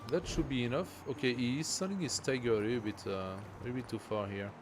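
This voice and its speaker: A man's voice: mid-range voice, quick pace, background noise. A man streaming a strategy game, thinking aloud and reading game text as he plays. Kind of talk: casual live gameplay commentary.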